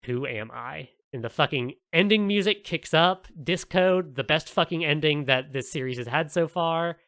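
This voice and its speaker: A man co-hosting a podcast, excitedly retelling a story in casual talk and swearing a lot. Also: fairly high pitch, normal speed, clear, resonant tone, dry recording. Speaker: podcast co-host.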